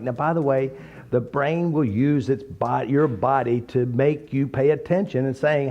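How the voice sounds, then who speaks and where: A man giving an informal, blunt teaching talk full of jokes and animated stories. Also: medium pitch, normal speed. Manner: blunt, joking, animated storytelling. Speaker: therapy method teacher. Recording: slightly dull recording.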